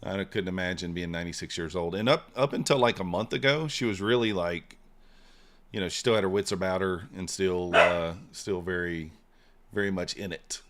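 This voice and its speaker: A man with a low, deep voice talks casually on a live trading stream. He rambles, fills gaps with "uh" and "you know," and lets his thoughts trail off on a drawn-out "so.". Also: a bit bright, a little hiss or hum. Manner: rambling, many fillers and trailing "so".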